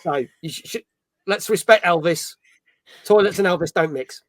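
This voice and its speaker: Chatty middle-aged Birmingham man, high voice. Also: moderate pace, no echo. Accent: Birmingham English. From England. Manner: chatty, swears freely, laughs at himself. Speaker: podcast host. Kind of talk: casual gaming chat.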